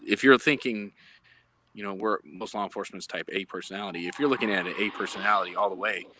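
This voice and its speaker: Joining a live chat from his phone, a man in law enforcement speaks with earnest explanations, often stopping to search for words. The recording has no echo, and his lowish voice comes across bright and forceful.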